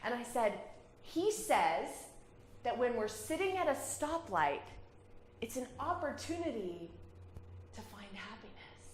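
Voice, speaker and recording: Guest speaker: woman, thirties, animated storyteller, roomy hall sound. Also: fairly high pitch, unhurried, a little hiss or hum. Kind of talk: personal storytelling talk. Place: community hall. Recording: roomy hall with faint ambience.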